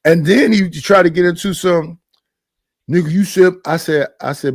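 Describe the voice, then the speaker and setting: A middle-aged man hosts a casual live-stream chat, telling stories in an emphatic, animated way with lots of repetition. His voice is a little high and moves at normal speed. The studio sound is clean, with no room sound.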